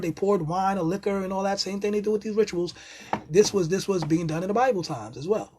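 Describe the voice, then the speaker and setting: High-voiced, excitable man lecturing casually. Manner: emphatic, excitable, breaks into loud exclamations and cursing; loose, streetwise phrasing with many asides. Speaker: self-styled spiritual teacher. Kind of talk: casual spiritual lecture monologue.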